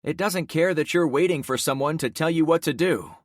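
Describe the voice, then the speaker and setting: A man voicing a blunt survivor leader rallying a crowd, forceful and commanding. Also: a little high, brisk, no echo, clean studio sound, pitched above the performer's own voice, close to an everyday voice.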